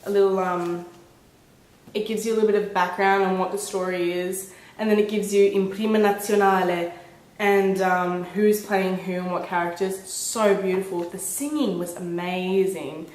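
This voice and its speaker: A woman in her twenties chatting casually to her camera at home, telling a story with lively, bubbly energy. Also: normal speed. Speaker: vlogger. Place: indoors at home, a small room. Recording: echoey room with faint rumble.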